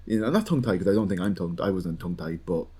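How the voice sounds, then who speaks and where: A man co-hosting a podcast, bantering in casual chat and talking fast. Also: deep voice, animated, mellow, slightly rough. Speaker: podcast co-host.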